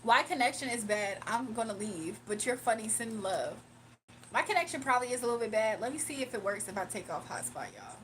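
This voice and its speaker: Hosting a laid-back livestream, a young woman chats in slang with viewers, reads their messages aloud, and laughs a lot. She sounds animated and fairly quick, her voice on the high side and a bit bright, with a little hiss or hum in the recording.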